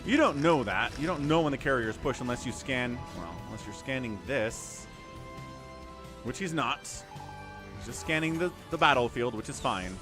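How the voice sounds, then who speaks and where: A man commentating a strategy game live on his stream, chatty and excitable, thanking viewers between plays. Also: medium pitch, normal speed, music in the background. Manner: animated, chatty, thanks viewers mid-play.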